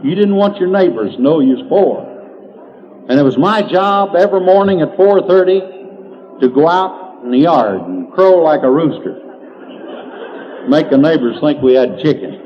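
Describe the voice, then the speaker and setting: An older man tells folksy country yarns, drawling along and chuckling at his own jokes. His voice sits a little high for a man. It comes off a dull, lo-fi old tape with a faint hiss underneath. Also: expressive, moderate pace. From Indiana, USA. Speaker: country humorist. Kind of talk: folksy comedic storytelling.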